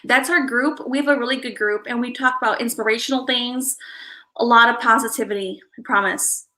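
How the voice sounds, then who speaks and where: A woman with a bright, forceful voice that sits a little high, chatting casually on a livestream. She rambles, restarts her thoughts and calls out viewers by name as she goes. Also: steady tone, brisk, low-quality recording. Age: adult parent. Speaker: livestream host.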